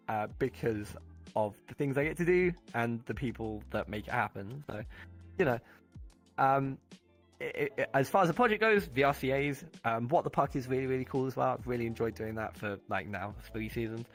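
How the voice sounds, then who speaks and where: Halting man telling his story with fillers. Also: medium pitch, faint music behind. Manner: halting, many fillers and restarts. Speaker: guest. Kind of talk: casual chat.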